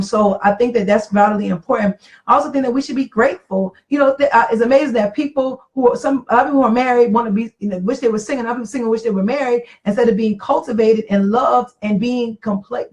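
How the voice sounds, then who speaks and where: A woman's voice: fairly high pitch, darkish tone, rough recording. A middle-aged woman in casual talk about marriage, earnest and reflective, repeating phrases for emphasis. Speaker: podcast co-host.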